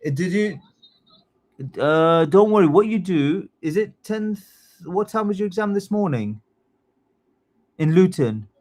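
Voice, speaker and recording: A man teaching a live online test-prep class, chatty and excitable, often apologizing as he goes. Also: high-pitched, unhurried, pauses often. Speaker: citizenship test tutor.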